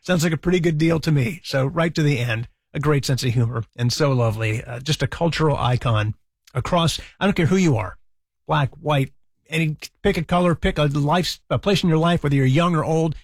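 A man hosting an afternoon radio show, chatting casually and fast with callers and listeners into a studio microphone. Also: on the high side, dry recording. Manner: chatty, warm, fast-talking. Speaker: radio host.

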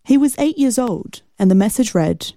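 Female news reporter, lower voice, warm tone, dry sound. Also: animated, moderate pace, no echo.

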